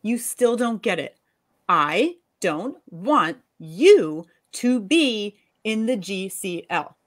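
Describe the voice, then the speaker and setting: A woman's voice: mid-range voice, lively intonation, fairly quick, natural voice. A woman in a live reading, voicing an angry, sarcastic wife and mother scolding her husband. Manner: sharp, sarcastic.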